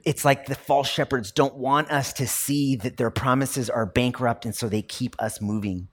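A man in his thirties preaching a sermon in a loose, conversational way, with lots of fillers and lively storytelling. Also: mid-range voice, normal speed. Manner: conversational and animated, many fillers. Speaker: pastor.

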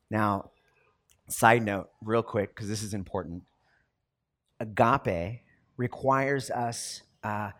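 A man preaching a sermon as a pastor, talking conversationally and acting out everyday quotes. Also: lowish voice.

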